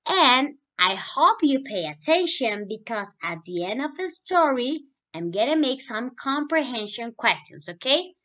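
A woman's voice: fairly high pitch, very animated, unhurried, hardly any pauses, bright, forceful tone. A woman teaching English to children, explaining in English and then repeating each point in Spanish. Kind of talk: recorded online lesson for children. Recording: dull lo-fi voice recording.

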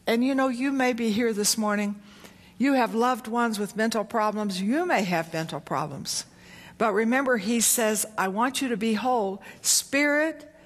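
Woman preacher, sermon, call-and-response, animated storyteller, long hall reverb. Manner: animated storytelling, voice jumps high for quoted cries.

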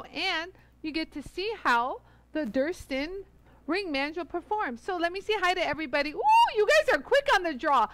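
Her voice very high and sing-song, a bit bright and at normal speed, this woman from the Los Angeles area runs a live jewelry-tool stream. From a brightly lit studio bench she chats casually, greeting each viewer effusively.

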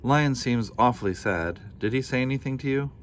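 A man's voice: medium pitch, brisk, slight background noise, voice pushed up, close to an everyday voice. A helpful female camel from a children's story who always wants to fix things, voiced by a man reading aloud. She speaks in a lifted, chirpy, concerned voice.

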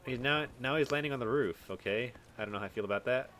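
A young man from Texas giving live commentary on a shooter game, excitable, swearing and yelling at enemies. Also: medium pitch, fast, slight background noise. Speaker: gaming streamer.

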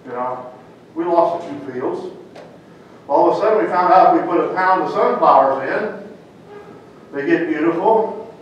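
A man's voice: fairly high pitch, expressive, normal speed, pauses often. An older man from Ohio, giving a folksy talk as a farmer and telling stories with a lot of "you know". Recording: echoey hall, distant mic, dull and noisy.

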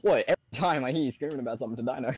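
A man's voice: mid-range voice, very fast, a little mellow, slightly rough, no echo. A young man playing a game with friends, teasing and joking in casual chat, often restarting his words. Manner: playful, teasing, stammering restarts. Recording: faint background noise.

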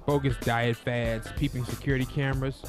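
A man's voice: mid-range voice, flat delivery, brisk. A man reading a visual novel aloud and adding casual asides between passages. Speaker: gameplay narrator. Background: game music.

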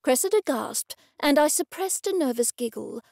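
A woman reading an audiobook in wry, even first-person storytelling. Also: sits high, normal speed, creaky, no room sound, clean studio sound. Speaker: audiobook narrator. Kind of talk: scripted narration.

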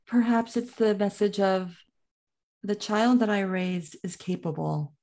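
A woman's voice: medium pitch, measured pace, a little mellow. Earnest woman guest with easy laughs. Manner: earnest and heartfelt, laughs easily. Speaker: guest coach. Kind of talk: casual chat.

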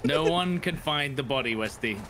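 A man's voice: on the high side, expressive, normal speed, sharp tone, slight background noise, poor audio. A man joking with his squad during a live game session. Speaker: streamer's teammate. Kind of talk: casual gameplay banter.

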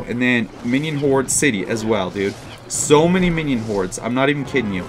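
A young man commentating his own mobile game matches, frustrated and self-mocking, with sudden loud outbursts. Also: medium pitch, animated, moderate pace, slight background noise. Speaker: gaming YouTuber.

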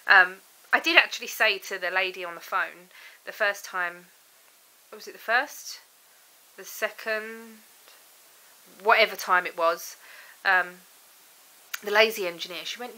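A woman's voice: medium pitch, bright, forceful tone, poor audio. A young woman vlogging at home, chatting in a rambling, exasperated way. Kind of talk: casual vlog chat. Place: home, indoors.

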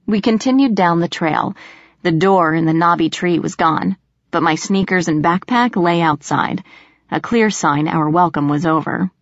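A woman reading a first-person fantasy audiobook in steady, measured storytelling narration. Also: fairly low pitch, no echo, muffled recording.

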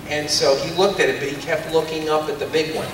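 Voice actor on a panel, animated storyteller, distant mic in an echoey hall. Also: male voice, on the high side, quick pace. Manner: animated, laughing anecdotes. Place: large convention hall. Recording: echoey hall from far off, faint noise.

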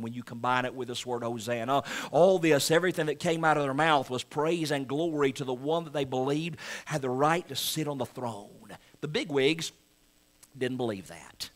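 A male pastor preaching a sermon dramatically, moving from hushed lines to loud shouts and acting out crowd voices. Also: a little high. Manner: acts out crowd and Pharisee voices.

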